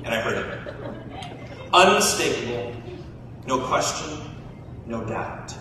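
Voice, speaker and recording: A man giving a humorous storytelling speech at a banquet, animated and playful, talking straight to the audience. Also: medium pitch, slow pace. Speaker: banquet speaker. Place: large banquet hall. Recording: echoey hall from far off, room noise.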